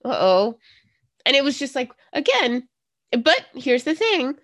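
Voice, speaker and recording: A woman's voice: high voice, big pitch swings, unhurried, fairly bright tone. A woman co-hosting a podcast, curious and full of questions, telling stories from her own life. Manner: curious, asks questions, tells anecdotes. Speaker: podcast co-host. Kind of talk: casual podcast chat.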